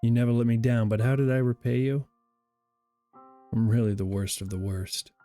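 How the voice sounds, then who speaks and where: A man's voice: mid-range voice, steady tone, moderate pace, warm tone, faint music behind, natural voice. A man voicing a hesitant, remorseful young woman.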